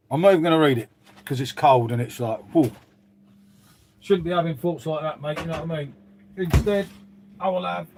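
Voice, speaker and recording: A man's voice: mid-range voice, darkish tone, slight background noise. A man hosting a casual live stream, chatting to viewers in a rambling, matey way with the odd swear word. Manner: chatty, rambling, says "mate" constantly, mild swearing.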